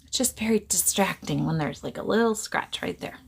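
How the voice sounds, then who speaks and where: A woman's voice: fairly low pitch, moderate pace, vocal fry, a little hiss or hum. A middle-aged woman talks into her phone on a casual live stream, greeting viewers one by one and rambling about small things. Her delivery is loose, chatty and playfully silly.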